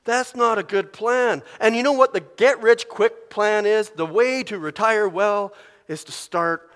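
High-voiced male preacher in a reverberant hall. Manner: animated and conversational, acting out inner voices. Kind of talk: sermon. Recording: long reverb of a large hall.

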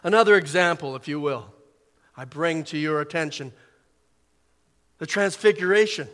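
A man preaching a sermon in short, emphatic phrases, swelling loud and dropping soft as he reads scripture. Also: fairly high pitch, moderate pace, in a large hall.

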